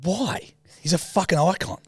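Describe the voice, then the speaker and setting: A man's voice: high voice, normal speed, darkish tone, breathy edge, no room sound, studio quality. A man co-hosting a comedy podcast, teasing and mock-grumpy as he judges. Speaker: podcast co-host. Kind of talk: casual podcast banter.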